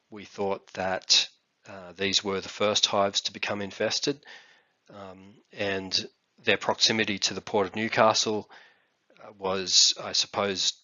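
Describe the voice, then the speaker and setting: A hoarse Australian man gives a presentation, pausing often with fillers between phrases. His voice sits very low and has a hard, bright edge. The recording sounds dull and lo-fi. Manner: halting, many fillers. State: hoarse, recovering from illness. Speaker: biosecurity response coordinator.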